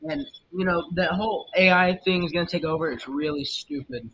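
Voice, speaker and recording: A young man with a slightly rough, sharp voice speaks briskly while hosting a casual podcast alone. He wanders through his opinions with plenty of fillers and restarts. The recording is a muffled lo-fi mic with faint rumble, backed by faint jazz.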